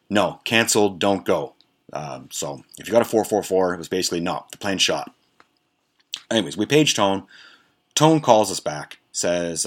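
Low-voiced man telling a rambling story. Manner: profane, rambling, animated anecdote telling. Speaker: podcast host. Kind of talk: casual storytelling.

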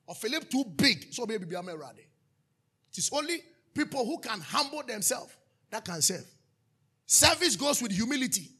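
A male pastor preaching a sermon, with call-and-response questions to the congregation and sudden shouted bursts. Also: very high voice, sing-song, normal speed, husky.

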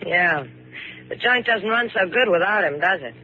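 A sassy, fearless adventurer in an old radio play, dry and sarcastic under threat. Her voice moves lively up and down, and the broadcast sound is narrow and tinny. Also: medium pitch, moderate pace, a little hiss or hum. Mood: wry defiance. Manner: wry, sarcastic, unflappable. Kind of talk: 1950s radio drama acting.

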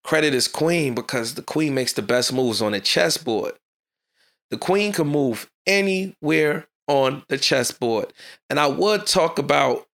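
A man hosting his own podcast, giving a fast, fired-up motivational talk in a casual street style. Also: fairly high pitch, lively intonation, gravelly, a bit bright. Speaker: podcast host.

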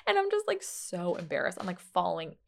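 A woman speaks as a guest in a relaxed interview, telling a family story with plenty of laughter. Her pitch leaps up and down as she goes, and her voice has a gravelly, fry-edged texture. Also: brisk. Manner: animated storyteller, laughs often. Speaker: guest, new mother. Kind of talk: casual interview chat.

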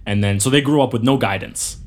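A man's voice: medium pitch, brisk. A man hosting a casual podcast, rambling and teasing his co-hosts. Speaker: podcast host.

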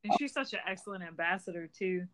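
A woman's voice: lowish voice, lively intonation, fast, fairly bright tone. A woman hosting a casual chat, upbeat and agreeable as she chimes in. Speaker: host.

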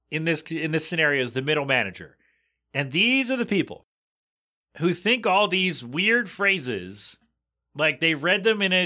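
A podcast host in his thirties chatting casually, reading listener answers and mocking them in an exasperated, animated way. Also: fairly high pitch. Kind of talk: casual chat.

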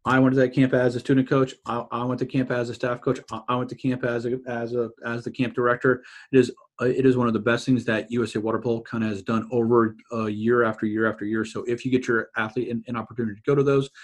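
Rambling man, full of "like". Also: medium pitch. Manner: rambling, heavy use of "like" and "kinda". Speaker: water polo coach and podcast host. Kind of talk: casual podcast chat.

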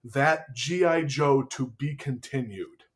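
A man in his forties hosting a casual podcast chat, retelling scenes with lively put-on voices. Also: medium pitch, slow pace. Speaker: podcast host.

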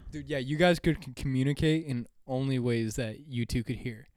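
A man's voice: mid-range voice, normal speed, crowd noise. A man co-hosting a casual podcast chat, easygoing and agreeable. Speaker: podcast co-host.

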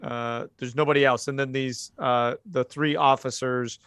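A man narrating as game master in a relaxed, joking way. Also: medium pitch, moderate pace, smooth, no room sound.

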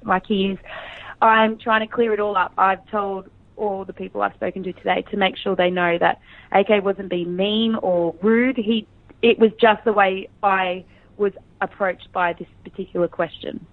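An Australian woman talking frankly and chattily in a casual interview, quick to laugh. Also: mid-range voice, fairly even intonation, dry recording. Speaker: reality show contestant, interview guest. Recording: dry, tinny phone line.

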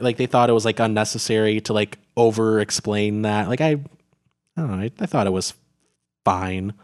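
Reviewing a film on a podcast, a man chats casually in a smooth, medium-pitched voice. He rambles, leaning heavily on fillers and frequent restarts.

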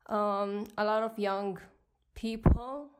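A woman's voice: mid-range voice, steady tone, slow pace, smooth. A woman in her twenties with a non-native accent, hosting a solo podcast and ranting in an indignant tone. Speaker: podcast host.

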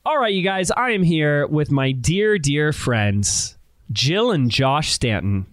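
A man's voice: on the high side, sing-song, slow pace, a bit bright. Emphatic male podcast host. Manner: emphatic, repeats key phrases for effect. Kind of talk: enthusiastic podcast interview.

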